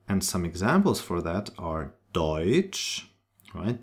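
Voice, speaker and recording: A man teaching pronunciation, saying example words slowly and repeating each sound. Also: lowish voice, big pitch swings. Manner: slow, demonstrative, repeating sounds. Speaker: German teacher. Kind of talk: pronunciation lesson.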